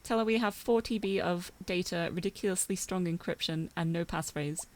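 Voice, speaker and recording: A woman's voice: on the low side, brisk, a little hiss or hum, lightly acted. Woman reading a scared woman on the run. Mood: urgent hushed. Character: anxious young woman hiding, a hacker on the run.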